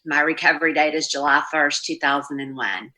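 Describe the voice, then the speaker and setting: A woman's voice: deep voice, steady tone, brisk, pushed and bright, poor audio. A middle-aged woman from Oklahoma giving a candid, plainspoken recovery talk at a meeting over a video call, with frequent ums and restarts. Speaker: Al-Anon speaker.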